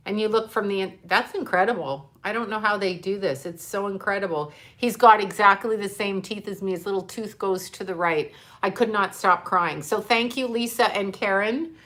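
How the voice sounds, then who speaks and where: A woman with a bright, clear-edged voice talks casually to her viewers on a live stream. She is chatty, effusive and a little scattered, and she speaks from indoors at home into a camera mic. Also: mid-range voice. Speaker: livestream host.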